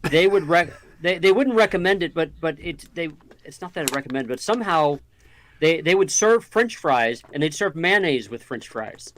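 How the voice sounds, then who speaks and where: A man co-hosting a casual podcast, talking haltingly and repeating words. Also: a little high, expressive, a bit bright, slight background noise. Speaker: podcast co-host. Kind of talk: casual chat.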